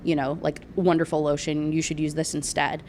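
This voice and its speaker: A woman's voice: sits low, little pitch movement, a little fast, darkish tone, a little hiss or hum, pitched below the performer's own voice, natural voice. Woman putting on a fake-sweet snooty neighbor.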